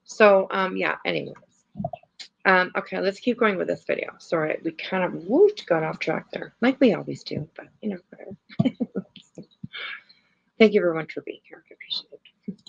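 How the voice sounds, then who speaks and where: A woman's voice: lowish voice, moderate pace, gravelly, pauses often, breathy edge. A woman hosting a casual livestream, rambling with many fillers and the odd swear while she comments and reacts. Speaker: livestream host. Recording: lo-fi stream audio.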